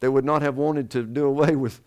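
A man's voice: medium pitch, fairly even intonation, a little fast, darkish tone. A man preaching a sermon to his congregation, asking them questions and answering them himself. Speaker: pastor.

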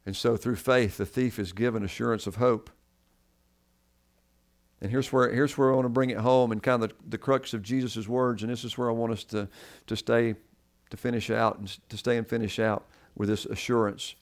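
A man's voice: mid-range voice, fairly even intonation, moderate pace. Earnest male pastor repeating for emphasis. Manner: earnest preaching, repeats key words for emphasis. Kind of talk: sermon.

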